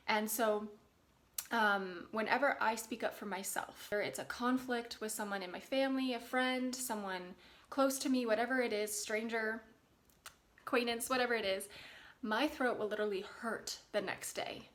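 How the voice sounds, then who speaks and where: A young adult woman talking casually to camera as a spiritual development vlogger, gentle, earnest and encouraging. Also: mid-range voice, steady tone, moderate pace. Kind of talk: casual direct-to-camera talk.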